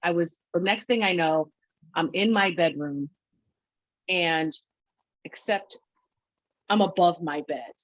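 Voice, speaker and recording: A woman guest on a podcast, telling her story in a halting way, full of restarts and quoted self-talk. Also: fairly low pitch, no echo. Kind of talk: conversational storytelling. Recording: dull, lo-fi dry sound.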